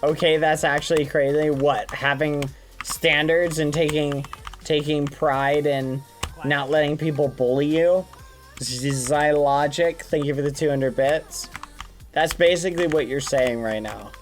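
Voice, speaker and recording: Excitable streamer talking to chat. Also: measured pace, soft background music. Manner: excitable, swings from groans to high shrieks; talks straight to chat, thanks viewers. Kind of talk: casual live-stream gaming chat.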